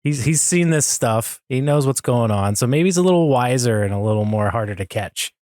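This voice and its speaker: A man co-hosting a podcast, chatting casually and excitedly as a fan, with frequent laughs and fillers. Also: mid-range voice, brisk, dry recording, studio quality. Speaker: podcast co-host.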